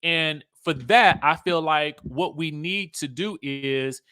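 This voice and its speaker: A young man speaking hosts a casual live stream, full of sass and playful repetition. His voice is bright and sits a little high for a man. The sound is dry and close, with no room echo. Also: takes it slowly, clean tone. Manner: sassy, animated, playful drawl, repeats himself. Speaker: host.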